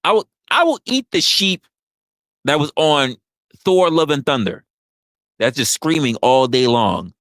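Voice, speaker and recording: Brief: male podcast host, loud opinionated rant, profane, repetitive, animated pitch, dead-dry mic. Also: unhurried, long pauses, dry recording. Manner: profane, emphatic, repeats himself.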